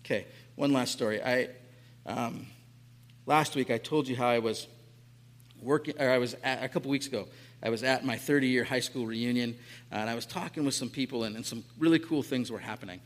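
A man's voice: mid-range voice, brisk. A man in his late forties giving a sermon as a pastor, telling stories in a casual, chatty way and often tagging on "right?". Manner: casual, chatty, frequent tag questions. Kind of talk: conversational sermon storytelling. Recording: echoey hall.

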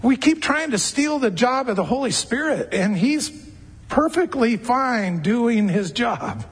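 A man delivers a conversational sermon from a church pulpit, his voice high and a little husky. He slips into soft, gentle tones when acting out quoted words. The sound carries the long reverb of a large hall. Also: sing-song, unhurried. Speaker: pastor.

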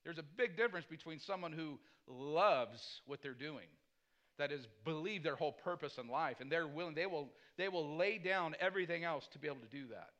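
A man's voice: fairly high pitch, brisk, fairly bright tone, highs cut off. A man preaching a conversational sermon as pastor, mixing personal stories with scripture and often asking "Amen?". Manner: punctuates points with "Amen?".

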